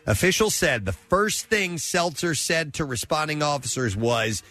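A man's voice: a little high, expressive, moderate pace, bright, forceful tone, no echo, faint music behind. A man hosting a casual talk show, reading odd news stories aloud with frequent uh fillers and self-corrections. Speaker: news segment host.

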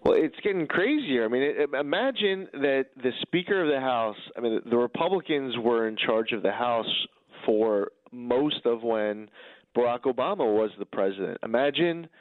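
A man's voice: mid-range voice, expressive, normal speed, dry recording. Man on a tinny phone line. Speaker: radio guest. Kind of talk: phone interview.

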